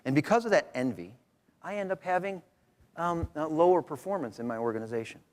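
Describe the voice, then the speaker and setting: Middle-aged professor, animated and wry, speaking at a conference in a reverberant hall. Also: male voice, a little high, fairly quick. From Rochester, New York. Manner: joking, animated, conversational lecturing. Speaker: professor presenting research. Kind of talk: conference talk.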